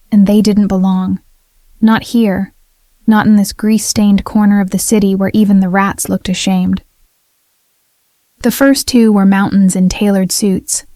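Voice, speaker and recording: A woman narrating a dramatic first-person story in a steady, even way. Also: mid-range voice, no echo, clean studio sound.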